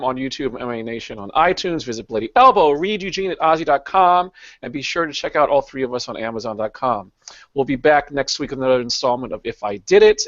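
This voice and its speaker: A man's voice: a little high, fairly bright tone, no echo. A man hosting a casual podcast, giving brief reactions and reading the sign-off. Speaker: podcast host. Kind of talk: casual chat, show sign-off. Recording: dull lo-fi audio, dry.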